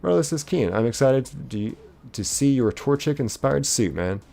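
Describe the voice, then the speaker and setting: A man's voice: medium pitch, lively intonation, moderate pace, creaky, warm tone. A man streaming live, casually reading viewers' chat messages aloud in a chipper lilt and chatting back.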